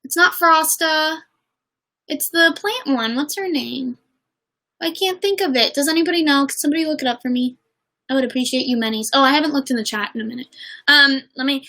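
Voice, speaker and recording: A woman's voice: sits high, moderate pace, bright, forceful tone, low-quality recording. A young woman chatting casually on a livestream while doing her makeup, bubbly and rambling, reading messages from the chat. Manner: chatty and bubbly, lots of fillers and giggles, reads out chat. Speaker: livestream host.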